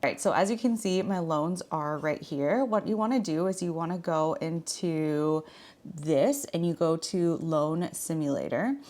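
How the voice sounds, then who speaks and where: A woman's voice: lowish voice, darkish tone. A woman in her thirties vlogging in a frank, chatty way, full of filler words. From Washington state. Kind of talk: casual chat.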